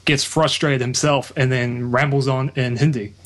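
A man's voice: mid-range voice, level tone, moderate pace. A man co-hosting a casual film review chat, joking in a dry manner.

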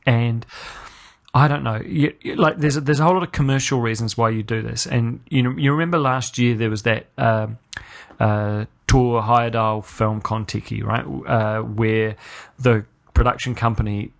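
A man's voice: steady tone, moderate pace, gravelly. A man hosting a podcast and giving a casual spoken review. He rants with sarcasm, restarts his sentences often, and his voice jumps up sharply when he is incredulous. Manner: exasperated ranting, pitch leaping up when incredulous. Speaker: podcast host.

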